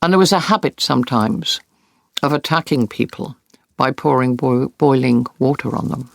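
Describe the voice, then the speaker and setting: A woman's voice: rumbling low, moderate pace, gravelly, no echo. A woman war correspondent earnestly recounting vivid experiences in an interview. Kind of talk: interview storytelling.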